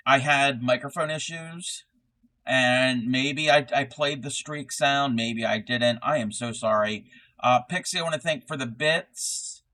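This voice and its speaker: A man hosting a crafting live stream, chatting casually while he crochets. He rambles in a low-key way, with lots of fillers and restarts. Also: fairly bright tone, low-quality recording.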